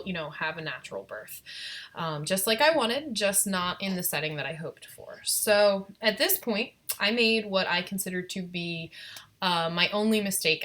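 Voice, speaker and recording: Bright-voiced young woman telling a birth story. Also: fairly low pitch. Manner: candid, reflective, many ums and restarts. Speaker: vlogger. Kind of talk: personal birth story on a live stream.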